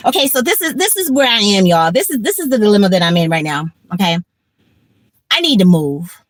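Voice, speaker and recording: A woman in her fifties hosts a livestream, her mid-range voice swinging widely in pitch as she talks briskly with no echo. Tired and blunt, she chats casually, swearing and repeating herself.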